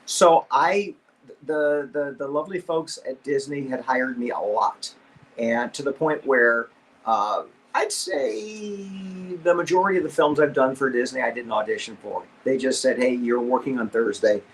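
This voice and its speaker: Middle-aged male voice actor, guest on a video call, middle pitch, lively storyteller who acts out every quote. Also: normal speed. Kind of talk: casual anecdote on a video call.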